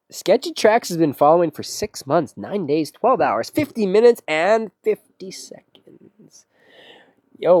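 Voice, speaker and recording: A man's voice: medium pitch, a little mellow, no room sound. Chill sarcastic guy talking to his stream chat, super dry close sound. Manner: sarcastic, laid-back, slangy. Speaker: music streamer taking song requests. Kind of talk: casual livestream chat.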